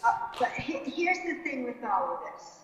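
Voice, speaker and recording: A woman's voice: high-pitched, lively intonation, moderate pace, a bit bright. A woman in a class, speaking earnestly and reassuringly as she reasons a point out. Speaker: class member. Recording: distant, dull, very echoey hall.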